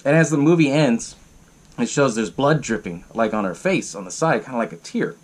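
A man hosts a podcast, recapping a film in a loose, rambling way. His swearing and constant fillers make it feel like an offhand chat, his voice sitting at an ordinary middle pitch. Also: lively intonation, moderate pace. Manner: loose and profane, lots of fillers. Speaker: podcast host. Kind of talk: casual movie recap.

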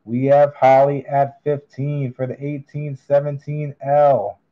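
A man running a live online coin auction, calling bids in a drawn-out, upbeat patter. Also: mid-range voice, level tone, phone-quality sound.

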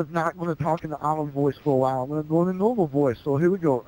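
A man's voice: on the high side, fast talker, few pauses, background noise. Goofy rambling man hosting gameplay. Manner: rambling, goofy, bursts of shouting. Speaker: gaming video host.

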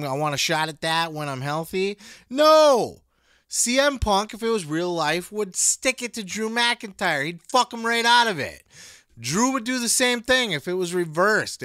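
A man's voice: sits high, bright, forceful tone, no room sound, clean studio sound. A man hosting a podcast, ranting and swearing in casual opinionated commentary, mocking other people's voices. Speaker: podcast host.

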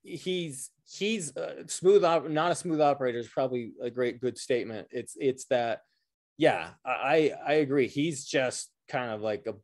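A man co-hosting a podcast in casual political chat, halting and repeating words as he thinks aloud. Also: medium pitch. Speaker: podcast co-host.

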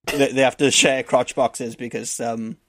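A man's voice: medium pitch, flat delivery, a little slow, fairly bright tone, dry recording. A man co-hosting a podcast, casually recapping a film with restarts and laughs. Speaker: podcast co-host. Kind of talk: casual movie-recap chat.

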